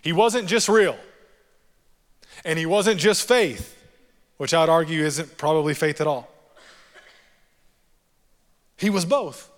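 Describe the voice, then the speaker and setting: A man preaching a sermon as pastor, animated and jokey, repeating key phrases for emphasis. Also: fairly high pitch, slow pace, long pauses, long reverb tail.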